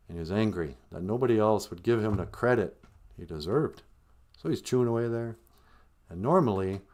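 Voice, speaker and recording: A man's voice: fairly low pitch, a little mellow. A man telling a traditional story on a live-streamed podcast in a casual, conversational way, laughing often.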